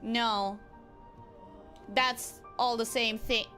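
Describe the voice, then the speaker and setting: A young woman streaming a game in a casual, expressive way, often bursting into exasperated outcries. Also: fairly high pitch, very slow, faint music behind.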